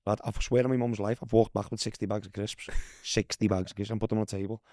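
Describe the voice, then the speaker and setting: Animated Scouse man telling stories. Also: fairly low pitch, fast talker, no room sound, clean studio sound. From Liverpool, England. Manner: animated, mimics voices in anecdotes, says "lad" constantly. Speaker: guest, former footballer. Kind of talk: casual storytelling.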